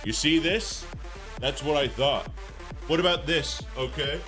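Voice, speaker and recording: A man live-streaming from home, chatting casually with his viewers, joking and bursting into loud exclamations. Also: on the high side, a little slow. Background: faint music playing.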